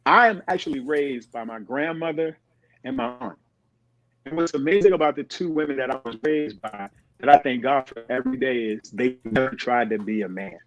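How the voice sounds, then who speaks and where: Man, middle-aged, podcast guest, lively storyteller doing voices, dry close sound. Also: mid-range voice, normal speed, no room sound, rough recording. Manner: animated, acts out quoted voices. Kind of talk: casual storytelling.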